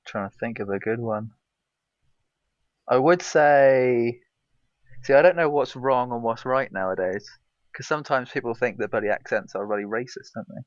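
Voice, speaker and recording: A man's voice: medium pitch, moderate pace, dry recording. A man co-hosting a gaming podcast, talking in a laid-back, rambling way. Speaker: podcast co-host. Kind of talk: casual chat. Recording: dry, dull lo-fi mic.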